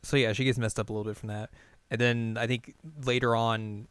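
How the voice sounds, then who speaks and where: A man co-hosting a podcast, casually recapping a film in a rambling, animated way and acting out the characters' lines. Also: mid-range voice, brisk, smooth, no echo. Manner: rambling, animated retelling with acted-out quotes. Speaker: podcast co-host.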